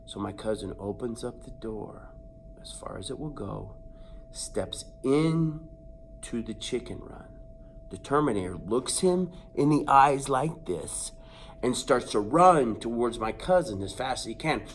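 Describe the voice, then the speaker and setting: Animated man telling a wild story. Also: mid-range voice, measured pace, a little hiss or hum. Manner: animated, acts out sounds and voices; dramatic, builds suspense. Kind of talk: comic personal anecdote.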